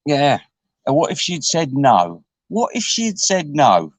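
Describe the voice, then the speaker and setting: A man chatting to his viewers in a rambling, sweary way, chuckling often and jumping his voice up high. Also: huge pitch swings, slow pace, dry recording. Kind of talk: casual rambling chat.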